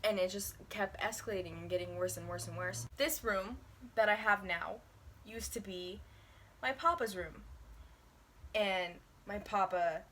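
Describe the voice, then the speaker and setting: Bright-voiced young woman telling a story. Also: medium pitch, a little slow, slight background noise. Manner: profane, animated storytelling. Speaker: vlogger. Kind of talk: casual storytime. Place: bedroom at home. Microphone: handheld camera.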